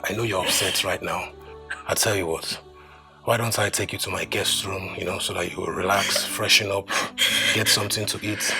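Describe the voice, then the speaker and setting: A man's voice: sits low, pushed and bright, exaggerated voice. A soothing Nigerian young man. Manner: pleading, reassuring. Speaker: actor. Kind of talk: film drama acting. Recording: film music underneath.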